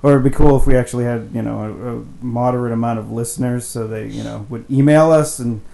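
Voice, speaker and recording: A man's voice: mid-range voice, fairly even intonation, quick pace, gravelly, warm tone. Rambling, swearing podcast host, a man. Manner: rambling, swears freely, trails off. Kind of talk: casual banter.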